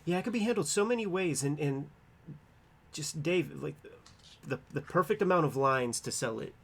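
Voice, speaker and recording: A man co-hosts a laid-back comics chat, gushing over the pages and laughing as he goes. His talk is loose and full of fillers. His voice sits a bit high for a man. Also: lively intonation, moderate pace, vocal fry, a bit bright, slightly rough. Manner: enthusiastic, laughing, filler-heavy. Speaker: co-host. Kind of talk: casual chat, comic commentary.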